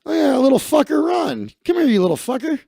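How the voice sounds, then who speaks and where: Man playing a loud, crude football coach who barks in a high, pushed voice. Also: expressive, fast talker, creaky, no room sound, studio quality, exaggerated voice. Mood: barking. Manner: barking, crude, sizing people up.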